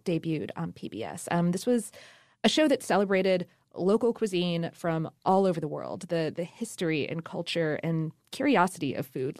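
A woman's voice: fairly low pitch, a little mellow, no room sound, studio quality. A woman co-hosting a podcast, chatting casually through food history with laughs and fillers. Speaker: podcast co-host. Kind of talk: casual conversational history chat.

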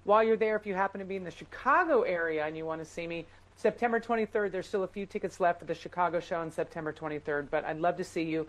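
A woman comedian chatting as a guest, telling personal stories with brisk, self-deprecating humor. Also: fairly low pitch, poor audio. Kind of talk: casual chat.

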